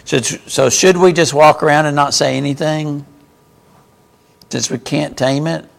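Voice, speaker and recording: A man teaching a small Bible class in a relaxed, conversational manner. His voice has a gravelly, rough texture, and he keeps pausing to ask the group questions. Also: a little high.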